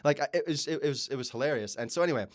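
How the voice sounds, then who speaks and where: A man co-hosting a podcast, telling an animated, profanity-laced story in casual chat. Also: mid-range voice, rapid-fire, no echo, studio quality. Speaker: podcast co-host.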